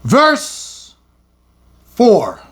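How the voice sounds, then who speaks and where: A man teaching a scripture lesson with fiery passion, his voice breaking up as he shouts. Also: very high-pitched, huge pitch swings, extremely slow. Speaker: religious teacher.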